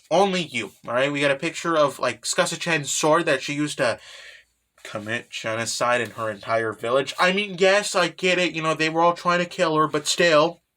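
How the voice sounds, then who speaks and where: A man's voice: fairly high pitch, bright, forceful tone. Rambling young man recapping a manga. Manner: rambling, keeps saying "all right?". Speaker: manga chapter reviewer.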